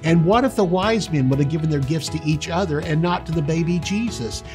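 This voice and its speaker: An older man, a pastor, teaching a sermon with a husky voice and emphatic, drawn-out stresses on key words. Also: a little high, music in the background.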